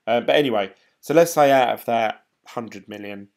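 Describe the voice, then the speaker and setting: A man talks through his thoughts on a casual live stream, rambling and loose, with plenty of fillers. His voice sits at an ordinary pitch for a man, and his delivery is chatty and unpolished. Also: normal speed, gravelly, a little mellow. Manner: rambling, chatty, laughs often. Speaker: crypto vlogger reading live chat.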